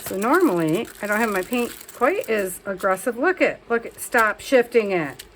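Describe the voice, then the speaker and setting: A woman chats her way through a messy art session at a home craft table, talking to viewers and scolding herself as she goes. Her voice sits at an ordinary middle pitch. A faint background hiss runs under the recording. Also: big pitch swings, moderate pace, a bit bright, poor audio. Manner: chatty, self-talking while working, scolds herself. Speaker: craft vlogger. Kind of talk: casual crafting chat.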